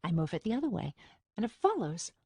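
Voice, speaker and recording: A woman reading a first-person audiobook in a steady, measured storytelling manner. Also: mid-range voice, slightly rough, no room sound. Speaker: audiobook narrator. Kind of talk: scripted first-person narration. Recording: dry studio recording.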